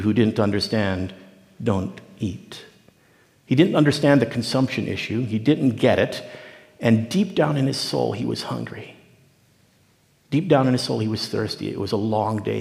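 Gravelly preacher in a reverberant hall. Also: male voice, fairly low pitch, normal speed, a little mellow. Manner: storytelling preacher who acts out the figures in dialogue. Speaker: pastor. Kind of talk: sermon.

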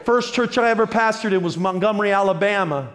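A pastor preaching a lively, humorous sermon that builds on repeated phrases. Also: male voice, high-pitched, fast talker.

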